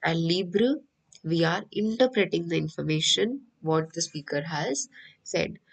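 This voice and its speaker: Female teacher, Indian English accent, slightly low voice, patient and repetitive classroom delivery. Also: expressive, vocal fry, low-quality recording. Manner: patient, repeats each point slowly. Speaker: French teacher. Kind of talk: online class lecture.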